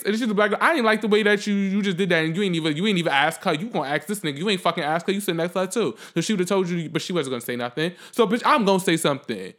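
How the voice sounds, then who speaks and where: A man telling a story in a casual vlog rant, profane and animated, swinging from loud outbursts to quiet reflection. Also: high voice, quick pace.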